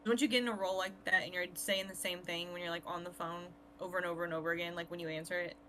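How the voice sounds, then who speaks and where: A woman's voice: on the low side, fairly even intonation, rapid-fire, pushed and bright, a little hiss or hum, rough recording. A woman guest on a podcast, telling stories in chatty, casual talk. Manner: chatty storyteller. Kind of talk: casual chat.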